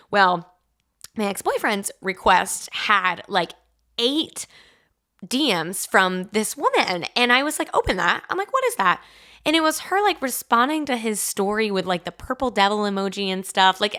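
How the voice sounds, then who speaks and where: A woman's voice: fairly high pitch, pushed and bright. A young woman in her twenties with a Southern US accent, hosting a podcast alone and telling a personal story in a chatty, frank way full of "like" and swearing. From Mississippi, US South. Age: 20s. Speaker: podcast host. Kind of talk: casual storytelling monologue.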